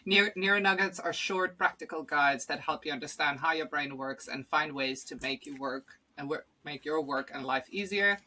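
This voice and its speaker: A woman's voice: low voice, moderate pace, hardly any pauses, sharp tone. A young adult woman from South Africa with a South African accent, hosting a casual podcast chat, chatty and laughing often as she talks. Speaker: podcast host.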